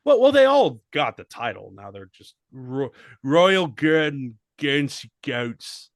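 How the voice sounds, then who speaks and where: A man's voice: medium pitch, sing-song, slow pace, no echo. A man co-hosting a casual comedy podcast, joking crudely and riffing. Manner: joking, crude, slips into mock English accent. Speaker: podcast co-host.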